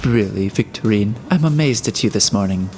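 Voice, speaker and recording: A man's voice: fairly low pitch, animated, normal speed, darkish tone, in a large hall, faint music behind. A man voicing a prim, stern older female guardian in a storybook reading, reproving in manner.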